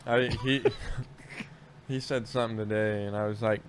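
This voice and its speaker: A man's voice: lowish voice, fairly even intonation, unhurried, a little hiss or hum. A man in casual podcast chat, telling work stories in a rambling, profane way with lots of restarts.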